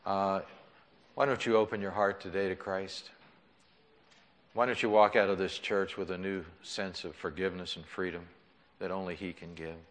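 A male pastor preaching an impassioned sermon in a church, swinging between loud pleading and hushed, soft tones. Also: deep voice, steady tone, normal speed. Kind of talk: sermon with altar call. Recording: long church reverb.

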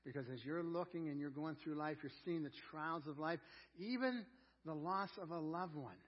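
A man preaching an earnest sermon, sinking to a hushed low voice and rising loud on key words. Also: moderate pace, dull audio. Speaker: pastor.

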